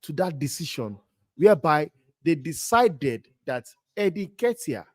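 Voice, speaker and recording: A man hosts a live football stream and rants with incredulity, circling back over the same point. His voice sits a little high for a man. The sound is close and dry. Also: big pitch swings, measured pace, no room sound. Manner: incredulous, ranting, repeats himself. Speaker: host. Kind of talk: live football watch-along chat.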